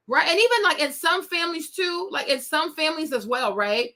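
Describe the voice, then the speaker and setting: A woman's voice: high-pitched, brisk, hardly any pauses, sharp tone. A young woman hosting a celebrity gossip show, talking in a sassy, indignant way straight to her viewers. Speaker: host. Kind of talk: casual celebrity gossip commentary.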